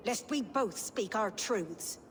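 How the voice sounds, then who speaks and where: A woman voicing a proud, sharp-tongued older sister in a video game, scolding and haughty. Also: medium pitch, lively intonation, slow pace, slight background noise.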